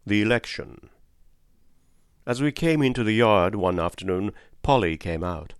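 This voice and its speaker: A man reads an audiobook with a lowish, steady voice in a measured storytelling manner. The recording is close and dry, with no room echo. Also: clean tone. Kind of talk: audiobook narration.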